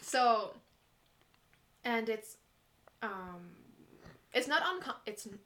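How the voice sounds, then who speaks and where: Young woman, casual chatty storytelling, sarcastic, bright voice. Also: on the high side, animated, slow pace, slight background noise. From Saskatchewan, Canada. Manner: chatty, sarcastic, laughs often. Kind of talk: casual chat.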